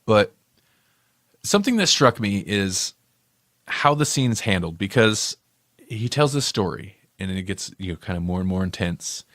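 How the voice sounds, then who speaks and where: In a casual movie review chat, a podcast co-host with a lowish, very animated voice speaks at a measured pace with a fairly bright tone. He rambles and corrects himself, and the clean studio recording has no room sound.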